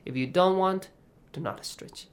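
A man with a high, clear, resonant voice teaches the rules of Quran recitation online at an unhurried pace. He patiently questions his students by name and moves into Arabic recitation along the way.

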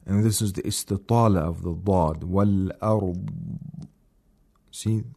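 A man teaching recitation on a radio program, explaining slowly and repeating words to demonstrate. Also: sits low, gravelly, dark tone, breathy edge. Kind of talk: radio lesson.

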